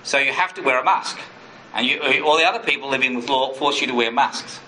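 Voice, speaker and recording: Earnest preacher in an echoey hall. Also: male voice, fairly quick, pushed and bright, recorded from a distance, a little hiss or hum. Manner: earnest, mimics inner voices with sudden high bursts. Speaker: pastor. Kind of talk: sermon.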